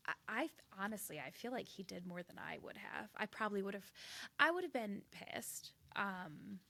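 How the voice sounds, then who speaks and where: A woman's voice: medium pitch, sing-song, normal speed, creaky, fairly bright tone. A woman in her thirties co-hosting a podcast, chatting casually and acting out quoted voices with animation. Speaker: podcast co-host. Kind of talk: casual chat.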